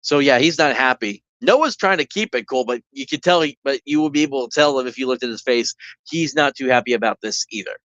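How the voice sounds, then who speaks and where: A man plays a solo tabletop game while chatting, rambling, restarting, and breaking off for asides. His medium-pitched voice is brisk with a fairly bright tone and no echo, though the mic sounds dull and lo-fi, dry and close.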